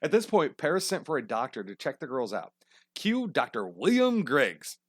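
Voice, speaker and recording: A man's voice: medium pitch, wildly swooping pitch, normal speed, no echo, clean studio sound. A man hosting a podcast, telling a history story casually with lots of swearing and jokey tangents. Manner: profane, rambling, jokey tangents. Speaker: podcast host.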